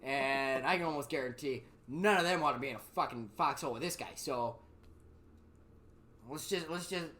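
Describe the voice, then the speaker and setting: A man's voice: medium pitch, moderate pace. A man in his thirties hosting a podcast, telling profane stories in casual chat and acting out other people's lines in raised voices. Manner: profane, animated, acts out quotes in raised voices. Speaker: podcast host.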